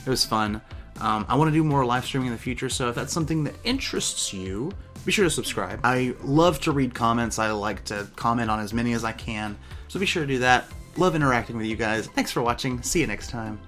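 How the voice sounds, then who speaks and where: A man's voice: mid-range voice, expressive, fairly quick, a bit bright. A man hosting a casual how-to vlog in an upbeat, chatty way, joking about himself. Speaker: YouTube host. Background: music.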